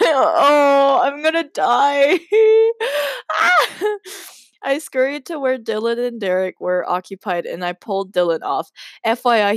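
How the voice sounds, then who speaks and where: A woman's voice: mid-range voice, no room sound, clean studio sound. A woman hosting a podcast, reading her old story aloud and breaking in with giggly, self-mocking asides. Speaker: podcast host.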